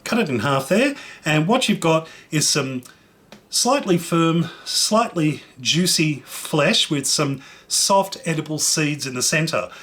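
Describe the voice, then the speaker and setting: A man's voice: a little high, expressive, slow, fairly bright tone. A man hosting a casual cooking show, chatting enthusiastically as he tastes and describes fruit. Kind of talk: casual food demonstration.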